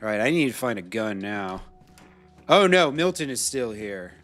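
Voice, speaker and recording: A man's voice: fairly low pitch, big pitch swings, moderate pace, a bit bright, soft background music. An American man, probably in his thirties, chatting casually and profanely on a live game stream, laughing often between rambling stories. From United States. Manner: swearing, laughing, rambling asides. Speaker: gaming streamer. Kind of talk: casual live-stream chat while playing.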